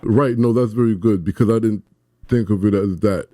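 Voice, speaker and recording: A radio host speaks in a mellow, very dark voice, close and dry in the studio. He is eager and stammers through his questions, laughing easily. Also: fairly low pitch, steady tone, normal speed, no echo. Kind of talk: radio interview conversation.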